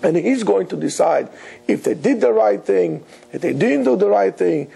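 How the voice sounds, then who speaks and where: Rabbi guy teaching torah, high raspy voice, mellow tone, earnest and emphatic. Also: animated, moderate pace. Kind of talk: Torah lecture.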